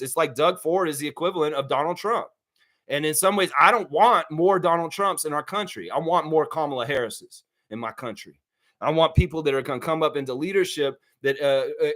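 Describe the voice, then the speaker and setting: A man hosting a live stream, talking casually and reading viewers' chat comments aloud, with blunt, profane opinions. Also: fairly high pitch. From United States. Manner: animated, profane, talks straight at viewers.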